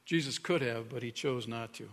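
A man preaching a sermon as pastor, earnest, sometimes dropping to a hushed tone for emphasis. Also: medium pitch, moderate pace, a little hiss or hum. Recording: reverberant hall.

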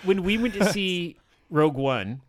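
A man's voice: high-pitched, animated, a little slow, over a noisy crowd. A man hosting a casual chat, talkative and enthusiastic, laughing often. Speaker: podcast host. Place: small old cinema.

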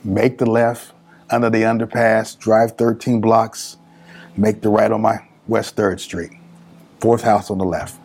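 Husky middle-aged man telling a story. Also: on the low side, measured pace. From California. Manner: animated storyteller, acts out family voices. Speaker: guest, small business speaker. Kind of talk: storytelling in a casual interview.

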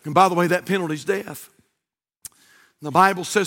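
A man's voice: high voice, fairly even intonation, creaky, bright, forceful tone. A man preaching a sermon, fervent and emphatic, drawing out key words and quoting scripture. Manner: fervent, drawn-out emphatic delivery with Bible quotations.

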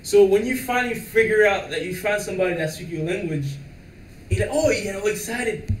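A man whose first languages are French and Creole, chatting casually on a live stream as an animated storyteller who laughs often and fills his talk with "like". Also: high voice, fairly quick, reverberant, distant mic, a little hiss or hum, poor audio. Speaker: livestream co-host. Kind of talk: casual chat.

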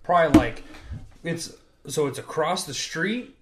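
A man's voice: on the high side, lively intonation, measured pace. A young man on a casual podcast, telling a rambling, profane anecdote to his friends. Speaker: podcast co-host. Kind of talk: casual storytelling among friends.

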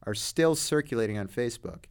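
A man's voice: medium pitch, lively intonation, brisk, clear, resonant tone. A man hosting a casual podcast chat, leading into topics and joking at his own expense. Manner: leads topics, self-deprecating. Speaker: podcast host.

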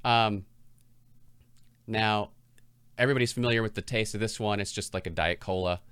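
Middle-aged male co-host, lowish smooth voice, dry close sound, easygoing raconteur. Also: normal speed, a bit bright, no echo. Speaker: podcast co-host. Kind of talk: casual chat.

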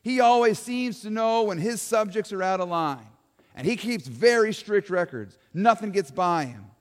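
A man's voice: high-pitched, animated, normal speed, long reverb tail. A man voicing a folksy, chatty male servant of a king, talking earnestly as an eyewitness.

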